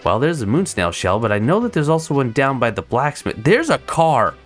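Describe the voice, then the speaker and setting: A let's-play host talks through the game in a chatty, excitable way, full of asides to viewers. The pitch moves around a lot. Faint game music plays underneath. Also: brisk. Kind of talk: gameplay commentary.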